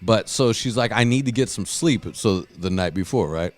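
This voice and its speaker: A man hosting a podcast, telling stories in casual chat, swearing a lot and loudly acting out what people said. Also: on the low side, moderate pace, soft background music. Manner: profane, storytelling, acts out quotes loudly. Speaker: podcast host.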